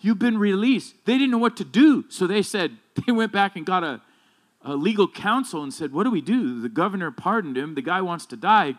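A man's voice: lively intonation, fairly quick. A male pastor preaching a sermon in a casual, conversational way that turns emphatic on key points. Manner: casual, conversational, rambling with restarts and asides; emphatic, builds in loudness and pitch when stressing points.

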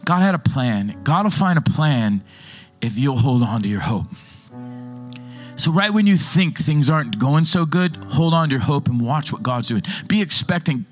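A man pastor preaching a sermon, telling stories in an animated way. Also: on the high side, moderate pace, soft background music.

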